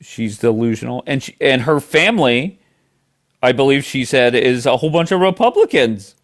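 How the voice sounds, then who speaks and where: A medium-pitched man with lively intonation hosts a livestream at normal speed, locked in a heated, combative argument. He curses constantly and talks right over his guest.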